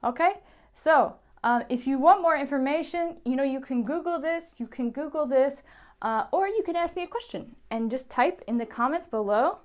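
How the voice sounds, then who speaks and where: An American woman teaching an English pronunciation lesson, saying each example word slowly and carefully and checking in with "okay?" after her points. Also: sits high, lively intonation. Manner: repeats words carefully, ends points with "okay?". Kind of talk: slow, deliberate pronunciation lesson.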